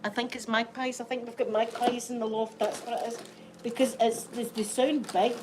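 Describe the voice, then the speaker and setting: A woman's voice: a little high, flat delivery, moderate pace, noisy background. A woman with a Scottish accent, unwell, chatting casually and rambling in a home vlog. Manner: chatty, rambling, laughs often. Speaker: vlogger.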